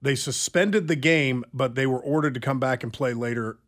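A middle-aged man co-hosting a talk show, telling a story with stammered restarts and lively bursts. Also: mid-range voice, moderate pace. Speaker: radio show co-host. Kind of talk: casual chat.

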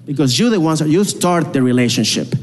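With a slightly high voice, lively intonation and a slightly fast pace, a Venezuelan comedian with a Venezuelan Spanish accent works a live crowd at a comedy club. His jokes land punchy and repetitive, echoing through a reverberant hall alongside audience noise.

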